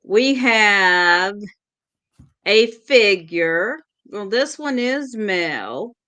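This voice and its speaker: Slow-talking Southern woman, bright and smooth. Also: mid-range voice, very animated, no room sound. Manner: slow, deliberate, describing cards in detail. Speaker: co-host tarot reader. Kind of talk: casual chat.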